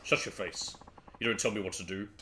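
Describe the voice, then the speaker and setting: A man voicing a boisterous drunk middle-aged former baseball pitcher, talking in folksy old-timey slang. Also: steady tone, brisk, sharp tone, a little hiss or hum. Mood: blustering. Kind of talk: reading game dialogue aloud.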